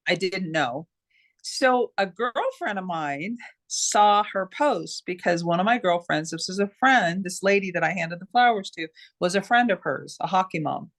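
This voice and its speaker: A middle-aged woman, an interview guest, telling a personal story in an animated way with many restarts. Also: on the low side, normal speed. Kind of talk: casual storytelling.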